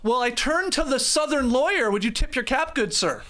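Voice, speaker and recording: Male podcast host, high voice, bright, teasing and upbeat. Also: lively intonation, moderate pace. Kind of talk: sports podcast chat.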